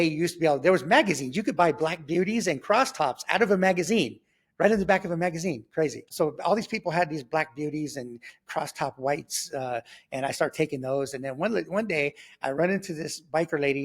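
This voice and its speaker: A middle-aged man telling his life story as a testimony, acting out dialogue with many fillers and restarts. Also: on the high side.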